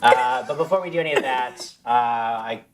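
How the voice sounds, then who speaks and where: A woman's voice: a bass voice, normal speed, a crowd in the background. A woman hosting a live stream, upbeat and chatty while announcing giveaways and bantering. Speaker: host.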